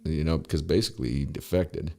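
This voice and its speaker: A man's voice: rumbling low, brisk, gravelly, dark tone. A man guesting on a podcast, telling a rambling story in a casual, profane way full of fillers.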